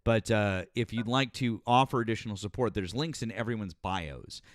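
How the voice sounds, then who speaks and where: A man's voice: fairly low pitch, normal speed, no echo, clean studio sound. A man hosting a live political stream, thanking viewers in a casual, profane way with many fillers and restarts.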